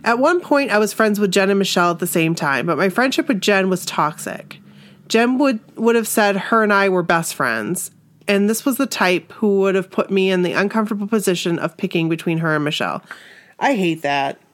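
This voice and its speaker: A woman's voice: medium pitch, lively intonation, brisk. A middle-aged woman co-hosting a podcast, chatting casually and laughing often. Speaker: podcast co-host. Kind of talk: casual chat.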